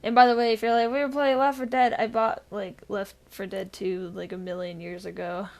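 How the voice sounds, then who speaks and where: A woman co-hosting a casual podcast chat, tired and deadpan after being sick, rambling with fillers. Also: mid-range voice, brisk. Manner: rambling with frequent fillers and laughs. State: recovering from illness. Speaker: podcast co-host.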